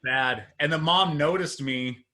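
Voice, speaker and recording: A young man doing a stand-up set, telling long self-deprecating stories with lots of fillers, and jumping higher and louder at his punchlines. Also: a little slow. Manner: rambling, self-deprecating storytelling with many fillers; swings high and loud at punchlines, laughing at his own jokes. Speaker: stand-up comedian. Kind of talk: stand-up set on a live stream.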